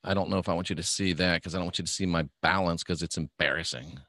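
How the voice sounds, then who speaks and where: A man's voice: low voice, fairly even intonation, fast, sharp tone, no echo, studio quality. A middle-aged man hosting a casual live stream, reading viewer questions and rambling in an offhand, joking way. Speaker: livestream host reading viewer comments.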